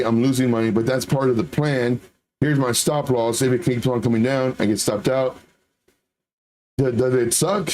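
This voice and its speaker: A middle-aged man talks through trading in a loose, conversational way. He repeats phrases and slips into animated little quoted voices. His pitch sits right in the middle for a man. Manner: conversational, repetitive, lively acted-out quotes. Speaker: trading channel host. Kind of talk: casual live market talk.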